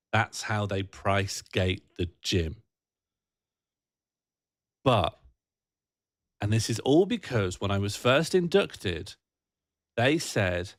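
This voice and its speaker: A man's voice: on the low side, dry recording, studio quality. A British man hosting a livestream, chatting casually and reading out viewer comments in a rambling, jokey, self-mocking way. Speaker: livestream host.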